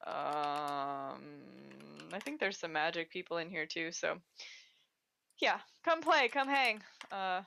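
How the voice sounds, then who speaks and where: A woman's voice: mid-range voice, gravelly, pushed and bright. A woman co-hosting a casual livestream chat, rambling and laughing often. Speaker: co-host.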